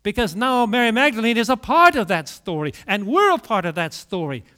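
Animated, high-voiced male preacher. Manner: storytelling with dramatic pauses and swings in loudness. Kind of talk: sermon.

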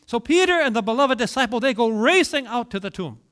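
Male preacher, high and lively pitch, dramatic storytelling sermon delivery. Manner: storytelling with dramatic pauses and swings in loudness.

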